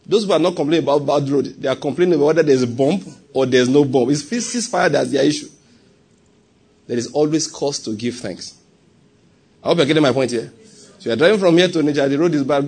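A man with a Nigerian accent preaching a sermon, animated, with laughing asides and softly acted prayers. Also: a little high, brisk, breathy edge.

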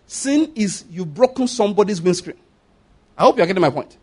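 A man preaching a sermon as pastor, emphatic, often asking the congregation if they follow and swinging between loud and hushed delivery. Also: sits high, expressive, fairly quick, slightly rough.

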